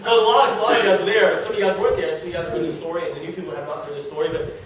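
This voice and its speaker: A middle-aged man giving a motivational talk to a live audience about network marketing, excitable, repeating words and laughing as he talks. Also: high voice, very fast. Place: meeting room with an audience. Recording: echoey room, distant mic, background noise.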